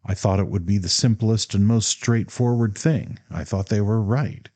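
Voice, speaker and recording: A gentle middle-aged mother who falters and stammers, nervous and pleading, her voice lifted a little above the reader's own deep, mellow tone, as a man reads her part. She keeps circling back and restarting her thoughts. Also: normal speed, dry recording, lightly acted. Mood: timid pleading.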